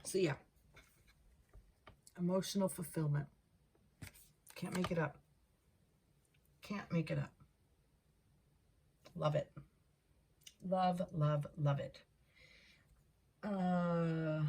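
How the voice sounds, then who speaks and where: A woman giving a casual tarot card reading, thinking aloud, repeating herself and getting excited over the cards. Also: low voice, takes it slowly, gravelly, long pauses, slight background noise. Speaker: tarot reader.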